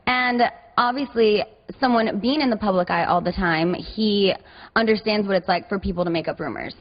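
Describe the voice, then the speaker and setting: A woman's voice: mid-range voice, moderate pace. A woman answering interview questions earnestly and defensively, from a played clip. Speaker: interview guest. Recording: dull, reverberant archive clip.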